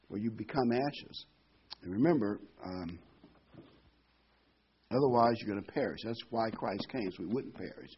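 A man's voice: mid-range voice, expressive, moderate pace, dull audio, slight background noise. A man giving informal Bible teaching as a preacher, folksy, with corny jokes and frequent ums.

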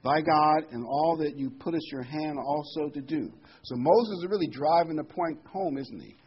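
A man preaching a Bible study, reading verses slowly with heavy emphasis and then explaining them in a casual, conversational way. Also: fairly high pitch, lo-fi sound, a little hiss or hum.

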